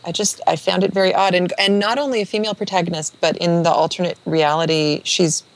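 A woman on a podcast panel, chatting in a thoughtful, halting way. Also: lowish voice, steady tone, vocal fry, low-quality recording. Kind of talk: casual chat.

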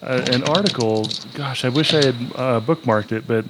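Podcast guy, rambly, lots of uhs, bit of hiss behind him. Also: mid-range voice. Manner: rambling, halting with fillers. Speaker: podcast co-host. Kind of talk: casual chat.

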